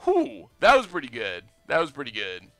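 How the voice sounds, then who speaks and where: A young man casually commenting on his card game stream, chatty and excitable, reading out chat messages. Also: medium pitch, fairly quick, no echo, soft background music.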